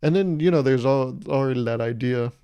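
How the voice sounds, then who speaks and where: A man's voice: medium pitch, fairly quick, dark tone, clean tone, muffled recording. A young man hosting his own podcast, rambling through a casual comedic monologue and slipping into playful mock voices. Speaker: podcast host.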